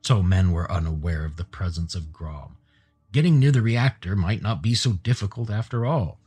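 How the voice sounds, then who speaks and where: A man narrating an audiobook in a steady storytelling manner. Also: low-pitched, normal speed, breathy edge.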